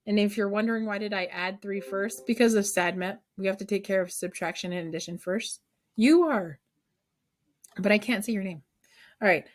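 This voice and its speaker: A woman math teacher leading an online class over a video call, coaxing students with call-and-response questions. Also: medium pitch.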